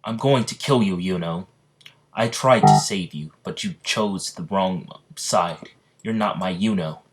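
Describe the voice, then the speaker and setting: A man's voice: sits low, fairly even intonation, a little slow. A man doing a defiant young knight. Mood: furious. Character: hot-headed young male knight, defiant.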